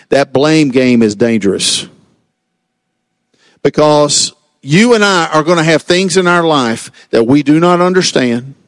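Pastor guy preaching, high voice, slows way down then speeds up, dry close sound. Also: no echo. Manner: preaching with dramatic swings in pitch and pace. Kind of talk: sermon.

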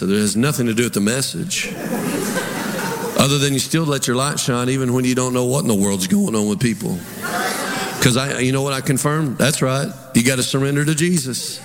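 A man preaching a sermon as pastor, telling stories and firing rhetorical questions at his congregation. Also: medium pitch. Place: church sanctuary. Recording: long hall reverb, audience.

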